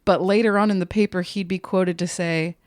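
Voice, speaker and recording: A woman co-hosting a podcast, telling a spooky story in a casual, jokey, profane way with quick asides. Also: lowish voice, fairly even intonation, darkish tone, no echo, studio quality.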